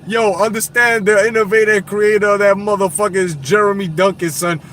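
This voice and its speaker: A blunt, profane man in his thirties runs a casual live stream in streetwise slang, his voice pitched a little high. Faint street noise hums behind him, as if he were speaking into a phone outdoors. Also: steady tone, quick pace, a bit bright. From Puerto Rican heritage. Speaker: boxing live-stream host.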